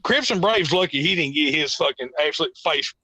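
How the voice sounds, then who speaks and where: A man's voice: on the high side, expressive, brisk, bright, forceful tone, breathy edge, no echo. A man guesting on a podcast, telling rambling stories with a lot of profanity in casual chat.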